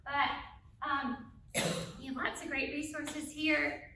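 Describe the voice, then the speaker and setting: A middle-aged woman giving a live parenting talk to an audience, energetic, often checking in with "right?". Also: high voice, slow pace, gravelly, slight background noise. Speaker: parenting speaker. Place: school auditorium. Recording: echoey room, mic from a distance.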